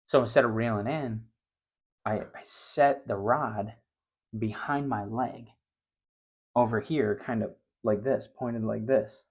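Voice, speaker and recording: A middle-aged man hosting a fishing show, telling a story casually and growing loud and high-pitched when he gets excited. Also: takes it slowly, husky.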